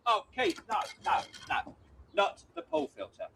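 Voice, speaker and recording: A man's voice: very high voice, big pitch swings, a little slow, creaky, very noisy. A man in a comedy sketch clip, talking in a fussy, sing-song way. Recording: clip with loud music behind.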